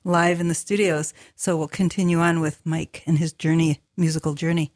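A woman's voice: deep voice, little pitch movement, moderate pace, darkish tone. Chatty woman hosting a radio show. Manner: chatty, encouraging interviewer. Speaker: radio host. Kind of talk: casual radio interview. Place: radio studio.

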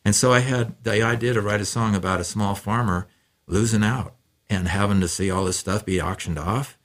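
A man's voice: on the low side, normal speed. A male musician guest in a radio studio, telling rambling, easygoing stories with lots of fillers in a casual interview.

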